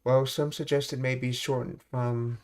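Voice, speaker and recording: A man teaching a live language lesson, reading explanations in a measured way and thinking aloud as he works out meanings. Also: mid-range voice, flat delivery, darkish tone.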